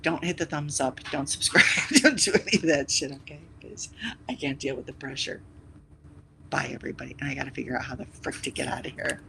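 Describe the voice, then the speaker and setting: Brief: live streamer, bright forceful tone, rambling and teasing chat, faint background hiss. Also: mid-range voice, fairly quick, gravelly, rough recording. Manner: rambling, teasing, with sudden loud bursts and whispered asides. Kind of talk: casual chat with stream viewers.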